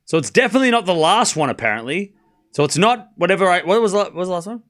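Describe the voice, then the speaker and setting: A man's voice: high-pitched, animated, fast talker, fairly bright tone. A young man casually calling a live tennis match for a stream audience, chatty and self-mocking, stumbling over player names. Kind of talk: casual play-by-play watchalong commentary.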